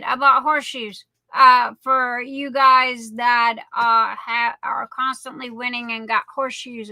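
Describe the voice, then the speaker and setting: A woman's voice: on the high side, vocal fry, pushed and bright, dry recording, low-quality recording. A woman, hosting a live stream and greeting viewers by name in a chatty, affectionate, rambling way. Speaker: livestream host. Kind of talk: casual chat greeting viewers.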